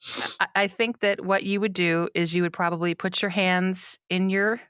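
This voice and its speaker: Lowish-voiced woman goofing around on a comedy podcast, dry close mic. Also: fairly even intonation, moderate pace, a bit bright, clean tone, no room sound. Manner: playful, trades lines and bits, sudden pitch jumps into silly voices. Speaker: podcast co-host, gigging singer. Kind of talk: casual comedic chat.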